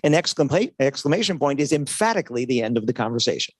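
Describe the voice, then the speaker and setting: At a trade show, a man with a mid-range voice runs a motivational sales seminar, speaking fast with big swings in pitch and no echo. He keeps it conversational, acts out little dialogues, and checks in with the audience by asking "right?" over and over.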